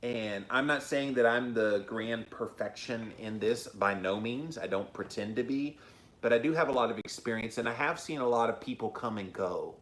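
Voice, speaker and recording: A middle-aged man with a Southern accent, hosting a casual livestream and answering viewer comments in a chatty, encouraging, slow-spoken way. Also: mid-range voice, a bit bright. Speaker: podcast host reading viewer comments.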